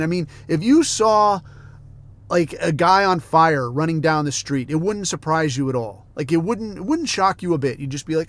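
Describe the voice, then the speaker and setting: A man's voice: on the high side, expressive, moderate pace, a bit bright. A middle-aged man hosting a podcast, telling rambling stories in a casual, heavily profane rant. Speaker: podcast host.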